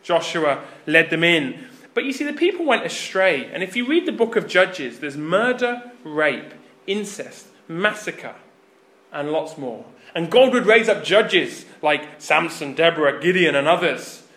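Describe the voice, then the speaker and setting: A man preaching a sermon, retelling scripture as a lively story and acting out the quoted lines with sudden loud rises. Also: on the high side, measured pace, roomy sound.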